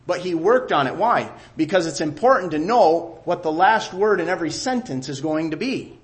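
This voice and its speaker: Middle-aged man, sermon, fairly high voice, emphatic, repeats his phrases. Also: expressive, moderate pace, hardly any pauses. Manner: emphatic, repeats key phrases, drops to a quiet voice for asides. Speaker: preacher.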